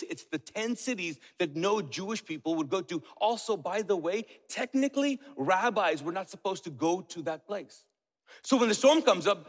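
A man preaching a sermon in a lively way. He questions the congregation and makes joking asides. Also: sits high, moderate pace. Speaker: pastor. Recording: long reverb of a church hall.

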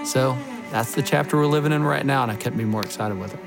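A former college baseball coach in his thirties gives an earnest personal testimony, speaking with open emotion about faith and family. His mid-range voice is gravelly and creaky, moving fast with hardly any pauses over a clear music bed.

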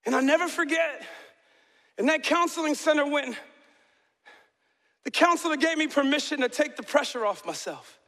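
A middle-aged man preaching a sermon as pastor in a large church, swinging from impassioned shouts to soft, intimate talk. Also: very high-pitched, animated, normal speed, pauses often. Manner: passionate, builds to shouting then drops to soft and intimate. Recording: long reverb of a large hall.

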